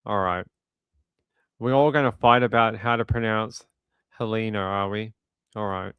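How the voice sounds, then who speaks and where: A man with an Australian accent hosting a livestream and reading viewer comments in a relaxed way. He repeats himself often and chuckles between thoughts. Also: lowish voice, moderate pace, pauses often, smooth, no echo, lo-fi sound. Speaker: livestream host. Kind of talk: casual live chat reading viewer comments.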